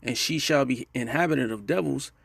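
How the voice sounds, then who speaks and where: A man's voice: medium pitch, brisk, creaky, no echo. A man preaching a casual sermon and reading scripture, stressing his points and closing nearly every phrase with "man" and "all right?". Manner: emphatic, call-and-response checks with listeners.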